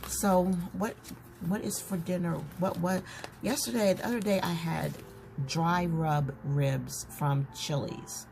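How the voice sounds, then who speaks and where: Paging through a journal, this woman talks to her audience in a relaxed, chatty, warm-hearted way, addressing them as "y'all." She speaks slowly in a gravelly, lowish voice with fairly even intonation. Background noise is clearly audible.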